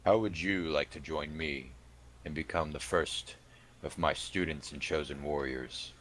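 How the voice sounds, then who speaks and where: Man, very deep voice, measured and commanding player in character. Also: a bit bright, slight background noise. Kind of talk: in-character tabletop role-play.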